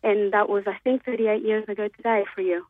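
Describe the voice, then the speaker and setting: A woman's voice: medium pitch, steady tone, brisk, no echo. A nervous woman calling in from Australia to a radio show, telling a story with many hesitant ums. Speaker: radio caller. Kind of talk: call-in storytelling. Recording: tinny phone line.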